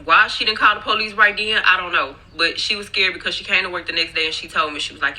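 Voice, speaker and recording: A woman's voice: fairly low pitch, fast, hardly any pauses, pushed and bright, poor audio. A young woman telling a story to her phone in a rambling, profane way during a work break, often calling out to viewers. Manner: rambling, profane, keeps addressing viewers as y'all. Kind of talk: casual storytime chat. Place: workplace, on break.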